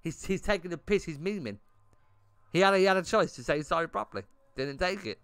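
A man's voice: a little high, expressive, a little fast, a bit bright, clean tone, dry recording. A young man streaming a game, chatting bluntly with his viewers and swearing often. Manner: blunt and swearing, talking to chat in bursts. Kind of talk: casual livestream chat while gaming.

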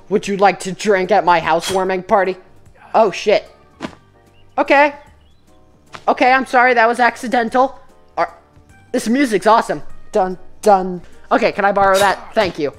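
A woman's voice: medium pitch, expressive, moderate pace, faint music behind. A woman giving comedic, profane commentary while playing a VR game and chatting with its characters. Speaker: gamer.

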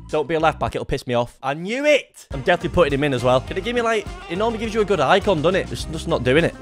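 Excitable lad commentating a game. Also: male voice, on the high side. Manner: excitable, talks to himself, bursts into shouts. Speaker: gaming YouTuber. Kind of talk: live gameplay commentary.

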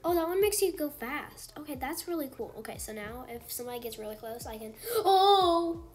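A woman giving casual gameplay commentary in an excitable way, gasping and exclaiming often. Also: on the high side, quick pace. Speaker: gaming channel host.

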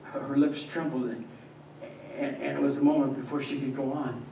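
A male pastor playing a devout young carpenter, telling his story in the first person with stammers and swings between hushed and agitated moments. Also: mid-range voice, fairly even intonation, normal speed, gravelly, close to an everyday voice. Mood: earnest. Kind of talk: first-person dramatic monologue in a church. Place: church sanctuary. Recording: echoey church from a distance, faint hiss.

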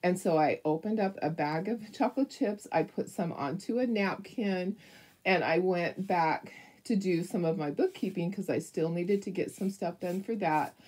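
An older woman telling a rambling story in a chatty, animated way while she paints a craft, laughing often. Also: fairly low pitch, normal speed, slightly rough. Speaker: craft vlogger.

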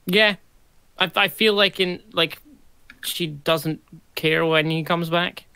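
A man's voice: on the high side, fairly even intonation, takes it slowly, vocal fry, sharp tone, clear, resonant tone, no echo. A man playing a tabletop game, talking hesitantly with many fillers. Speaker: player.

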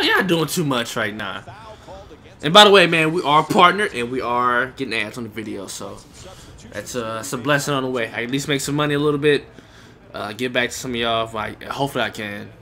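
A young man giving live commentary over his own basketball video game, reacting loudly to each play and talking to the players and his viewers. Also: mid-range voice. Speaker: gaming YouTuber.

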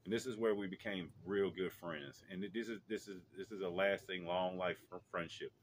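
Low-voiced man telling a rambling story. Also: fairly even intonation, moderate pace, a little hiss or hum. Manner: rambling, many fillers and restarts. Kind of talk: casual storytelling. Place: outdoors in a yard.

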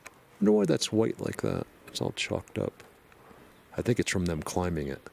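A man vlogging outdoors on a mountain road, rambling excitedly to his viewers from a helmet camera. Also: sits low, moderate pace, vocal fry, slight background noise. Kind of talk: casual outdoor vlog.

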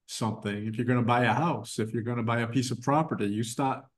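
A middle-aged man talks casually as an interview guest, his voice sitting at an ordinary medium pitch. He rambles, circling back with fillers and restarts as he thinks aloud. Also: fairly even intonation, fast. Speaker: guest, designer and art professor. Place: his art gallery.

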